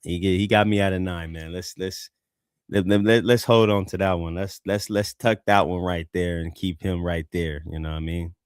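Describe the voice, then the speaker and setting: Laid-back low-voiced man reviewing music. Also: steady tone, clean tone, dry recording, studio quality. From California. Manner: laid-back, slangy, halting restarts. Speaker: music review show host. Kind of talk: casual live reaction chat.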